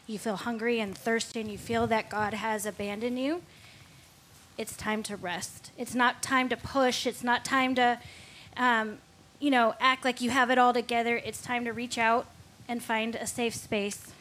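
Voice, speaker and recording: A woman's voice: fairly high pitch, level tone, unhurried, a bit bright. A woman giving a candid, reflective faith testimony as a guest on a Christian talk show.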